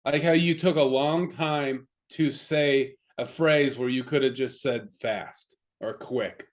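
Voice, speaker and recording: A man's voice: medium pitch, steady tone, takes it slowly. A man co-hosting a podcast, chatting in an easygoing way, laughing and swearing casually. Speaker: podcast co-host. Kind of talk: casual chat.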